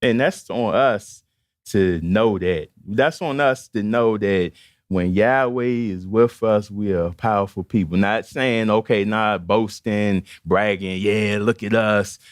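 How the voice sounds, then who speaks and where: A man's voice: fairly low pitch, slow, dry recording, clean studio sound. A man preaching a sermon in an emphatic, conversational way, repeatedly calling out to the congregation, with a Baltimore accent.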